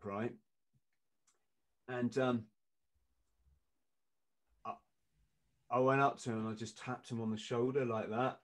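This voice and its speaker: A middle-aged man, a podcast guest telling stories in casual chat and acting out what people said. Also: mid-range voice. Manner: lively anecdotes, acting out quoted lines in punchy bursts.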